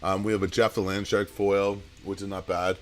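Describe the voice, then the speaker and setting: A man's voice: sits low, flat delivery. A man who owns a comic shop, running a live auction and telling rambling shop stories in casual chat. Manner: rambling storyteller, quick asides.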